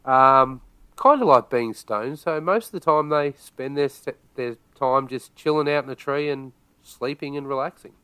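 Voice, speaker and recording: A man's voice: medium pitch, moderate pace, bright, forceful tone, clean tone, no echo. A man with an Australian accent, a laid-back podcast guest chatting casually and often opening his points with "look". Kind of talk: casual chat.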